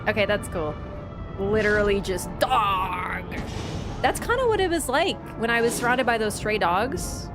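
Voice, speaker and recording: A young woman streaming a game, chatting casually and telling travel stories with animated swings into quoted voices. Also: medium pitch, measured pace, over music. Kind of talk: casual chat while gaming.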